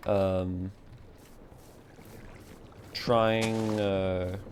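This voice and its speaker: A man streaming a game from a warm room at home, muttering to himself as he builds and chatting with viewers. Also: sits low, little pitch movement, very slow, a little hiss or hum. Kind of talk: casual live-stream chatter while playing.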